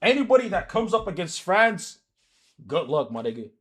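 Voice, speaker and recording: A man's voice: sits high, big pitch swings, normal speed, fairly bright tone, husky. A man live streaming, ranting heatedly and profanely about soccer, repeating himself as he argues with his chat.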